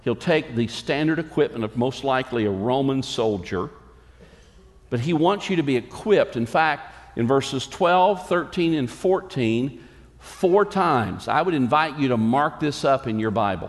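A middle-aged man delivers a sermon as pastor, driving points home with repeated phrases and quoting imagined excuses. His voice sits at an ordinary pitch for a man. It rings out in a church hall with a long reverb trailing each line. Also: lively intonation, measured pace. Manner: emphatic preaching with repeated phrases and quoted asides.

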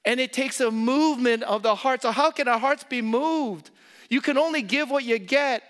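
Male pastor, high voice, preaching sermon, impassioned, soft asides between loud emphasis. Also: normal speed. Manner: repeats key phrases for emphasis.

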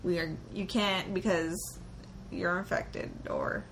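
A young woman co-hosting a casual podcast about a movie, animated and swearing, acting out characters' lines and laughing often. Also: fairly low pitch, slow pace, slight background noise. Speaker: podcast co-host. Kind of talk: casual movie-discussion chat.

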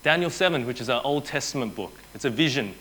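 A man preaching a sermon as pastor, telling the story with energy and dropping to a hushed voice for quoted lines. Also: medium pitch, expressive, fast talker, slight background noise. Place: church.

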